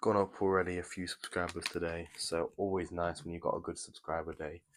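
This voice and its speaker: A man's voice: deep voice, level tone, brisk, a little hiss or hum. A young British man casually chatting to viewers on a live stream while he builds a Lego set, in a rambling, chatty way. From Britain. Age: young adult.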